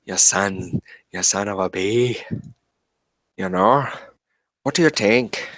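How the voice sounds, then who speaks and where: A man's voice: on the low side, slow, fairly bright tone, dry recording. A man hosting a casual livestream, rambling and fidgety, talking to chat in a self-described eccentric way. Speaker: livestream host. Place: indoors at home with plants.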